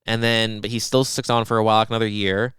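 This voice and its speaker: Fast-talking young man, smooth dry voice. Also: on the low side, level tone, fairly bright tone, no room sound. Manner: rambling, profane, mimics people in quoted voices. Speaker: podcast co-host. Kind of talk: casual podcast chat.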